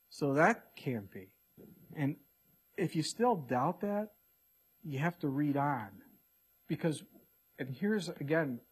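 Guy preaching, kinda husky, higher voice, goes quiet then punches it up. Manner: swings from hushed to emphatic, reads scripture aloud. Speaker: pastor. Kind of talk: sermon.

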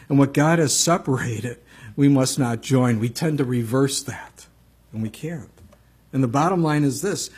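A male pastor delivers a conversational sermon, reading from scripture and telling stories while often turning aside to speak to the congregation. His mid-range voice is a little mellow with a breathy edge.

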